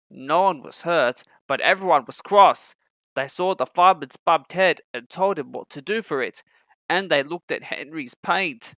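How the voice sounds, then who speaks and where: Bright-voiced man reading a storybook. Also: on the high side, no room sound. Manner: expressive, acting out every character. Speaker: narrator. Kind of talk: reading a children's storybook aloud.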